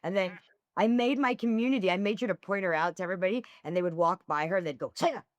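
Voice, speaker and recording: A fast-talking woman whose voice sits on the low side chats casually as a podcast guest, acting out dialogue with animation as she tells her stories. She once hosted swingers events, and there's no echo on the track.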